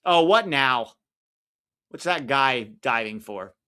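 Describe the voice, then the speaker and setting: Male stream host, casual and opinionated, reacts loudly to the play. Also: medium pitch, expressive, slow pace, clean tone. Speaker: livestream watch-along host. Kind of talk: casual live match commentary.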